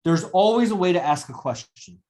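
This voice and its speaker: A man's voice: high voice, animated, brisk, a little mellow. A man giving a live classroom lecture, confrontational and profane as he berates a student.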